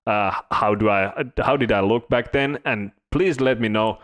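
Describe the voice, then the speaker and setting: A man's voice: fairly low pitch, normal speed, a bit bright. A man co-hosting a podcast, telling work stories in a casual chat, with many hesitant restarts. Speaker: podcast co-host.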